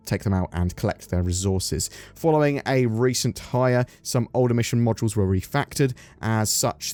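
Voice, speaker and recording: An English man hosting a gaming news channel, reading through a development report at a brisk clip before a casual sign-off. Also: on the low side, a little mellow. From England. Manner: brisk, rapid delivery. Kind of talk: reading a dev report then casual outro.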